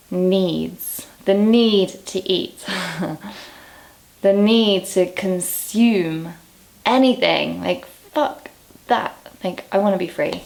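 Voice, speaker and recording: Breathless, slow-talking young woman vlogging. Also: fairly low pitch, creaky, darkish tone. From England. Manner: chatty, candid, laughs at herself, swears casually. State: out of breath, low on energy. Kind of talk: casual vlog to camera.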